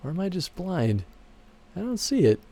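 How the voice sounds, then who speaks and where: A man who streams and produces games talks easily with his livestream audience at a moderate pace as the credits play. Frequent laughter breaks in, and his voice leaps upward whenever he gets worked up.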